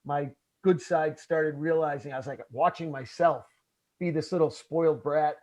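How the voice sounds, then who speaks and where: A man's voice: on the high side, steady tone, moderate pace, darkish tone. A man telling a story in casual conversation, acting out his own past lines and calling his listener bro. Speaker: podcast host.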